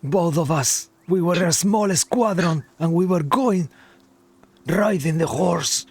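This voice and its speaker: A man voicing a wounded, desperate middle-aged army captain with a put-on Russian accent and a gravelly voice. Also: on the high side, slow pace, no room sound, pitched above the performer's own voice, exaggerated voice. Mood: shaken. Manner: shaken, desperate.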